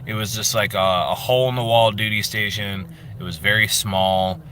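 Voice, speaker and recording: A man in his thirties from Florida, hosting a casual fitness livestream, reading chat aloud and telling stories with animated jokes. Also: on the low side, normal speed, slight background noise. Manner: animated joking storyteller, reads chat aloud. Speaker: fitness livestream host, former drill sergeant.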